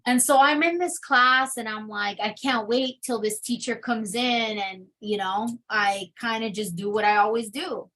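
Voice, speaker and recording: A young adult woman telling her personal testimony in an interview, in a casual, animated storytelling manner. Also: on the high side, a little slow, few pauses. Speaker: interview guest.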